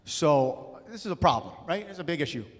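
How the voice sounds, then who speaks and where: A young man doing a stand-up comedy set, loud and punchy, slipping into acted-out voices. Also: fairly high pitch, very animated, a little fast. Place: comedy club stage. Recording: live room with long reverb.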